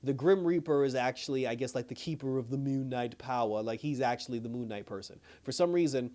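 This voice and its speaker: Fast-talking man recapping an episode. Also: mid-range voice. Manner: animated retelling, acts out quotes, laughs often. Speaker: reviewer. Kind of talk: casual recap.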